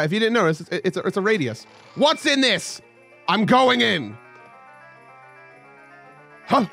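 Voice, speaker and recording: A young man casually commentating his gameplay, joking and yelping at sudden moments. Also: high-pitched. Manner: excitable, joking, with sudden yelps. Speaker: let's play host.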